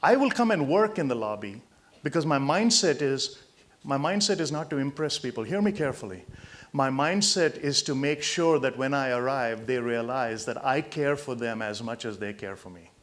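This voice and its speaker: A man in his sixties from India giving a motivational talk to hospital staff, an emphatic storyteller who swings between loud punchlines and quiet asides. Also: medium pitch, expressive, normal speed. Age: 60s. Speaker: motivational speaker.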